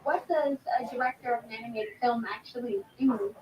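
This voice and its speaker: A woman presenting on TV, asking questions in a bright, upbeat way. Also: a little high, brisk, highs cut off, a little hiss or hum. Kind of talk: TV interview questions. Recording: TV audio from far off in a roomy space.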